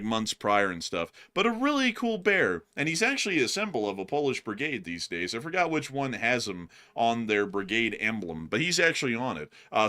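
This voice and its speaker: A man hosting a live stream, chatting casually and joking as he reads out and answers viewer messages. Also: mid-range voice. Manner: joking, rambling, swings between loud and quiet. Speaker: host.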